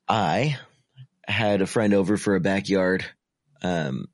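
Low-voiced tired young man chatting. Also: slow pace, no echo, clean studio sound. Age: 20s. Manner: rambling, self-deprecating, many fillers. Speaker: podcast co-host. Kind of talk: casual chat.

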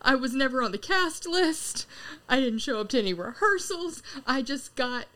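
A woman co-hosting a podcast in casual chat, animated and jokey. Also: high-pitched, normal speed. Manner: animated, jokey, sound-effect noises. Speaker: podcast co-host.

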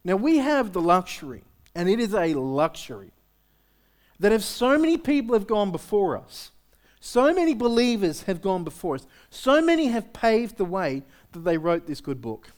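At a moderate pace, a pastor gives a conversational sermon to his congregation, asking rhetorical questions as he goes. His pitch moves freely up and down and remains lively from start to finish.

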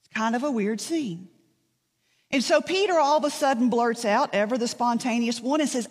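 A woman pastor delivers a sermon with a fairly high voice. She tells the story conversationally and drops dry asides. Her voice carries a long reverb from a church hall. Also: moderate pace.

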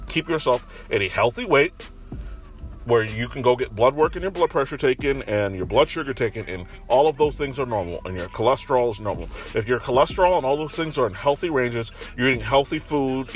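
A man's voice: medium pitch, lively intonation, normal speed. Casting: man, casual commentary vlogger, swears freely, rambles, recorded in a parked car, faint music behind. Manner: profane, rambling. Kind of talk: casual monologue. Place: parking garage with construction nearby.

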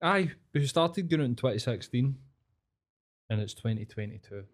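A man's voice: mid-range voice, animated. A Scottish man hosting a podcast, chatting casually with plenty of swearing and laughter. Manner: laid-back, sweary, quick to laugh. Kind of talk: casual chat.

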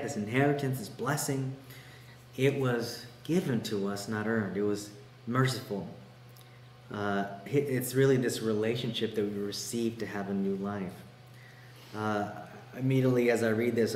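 A man's voice: mid-range voice, normal speed, roomy sound, a little hiss or hum. A man preaching a sermon, earnest and conversational, walking through a passage verse by verse and repeating key lines for emphasis. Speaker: pastor.

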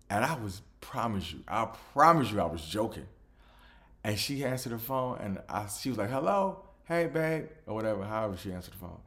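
A man hosting a podcast, telling a personal story casually with frequent restarts. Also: lowish voice. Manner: restarts often, animated retelling. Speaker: podcast host.

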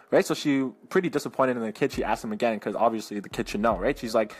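A man telling motivational stories in an energetic, casual way, often checking in with the listener. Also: mid-range voice, fast, hardly any pauses, husky, soft background music. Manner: energetic, keeps checking in with "right?" and "you know what I mean?". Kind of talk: motivational storytelling.

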